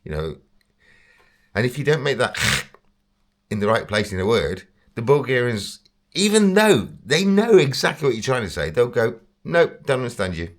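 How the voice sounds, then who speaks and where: A man's voice: mid-range voice, big pitch swings, normal speed, pauses often. Chatty Englishman telling a rambling story. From England. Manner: chatty, rambling, self-deprecating, laughs often. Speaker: vlogger. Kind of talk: casual storytelling monologue.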